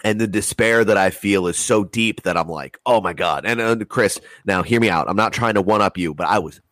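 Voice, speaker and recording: A man's voice: on the low side, brisk, dry recording. A man telling a long story in casual chat, rambling and swearing a lot. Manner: rambling, heavy swearing, animated retelling.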